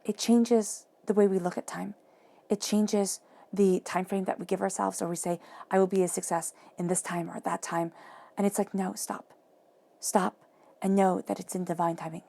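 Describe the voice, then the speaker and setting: Gravelly-voiced woman giving a tarot reading. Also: medium pitch, flat delivery, normal speed. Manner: soft, reflective, repeats phrases for emphasis. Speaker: tarot reader.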